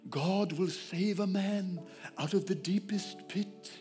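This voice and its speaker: A man putting on a famous male evangelist with an accent, booming each word slowly and deliberately, a raised, bright-edged voice carrying over faint music behind. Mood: proclaiming.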